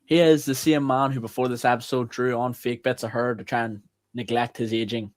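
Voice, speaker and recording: A man's voice: medium pitch, fairly even intonation, a little fast. A young man hosting a wrestling show, with a playful, teasing, mock-grandiose delivery. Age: young adult. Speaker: host. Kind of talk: casual wrestling show banter.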